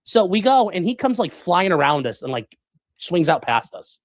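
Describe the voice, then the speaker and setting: A man streaming, telling a story to his chat in a rambling, animated way, full of fillers and acted-out quotes. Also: high voice, moderate pace, no echo. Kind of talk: casual storytelling to a live chat.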